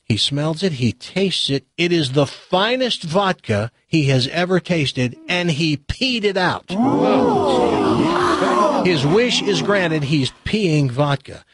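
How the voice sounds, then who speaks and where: A middle-aged man hosting a talk show, chatting casually and telling stories and jokes in an animated way. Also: on the high side, slow, hardly any pauses.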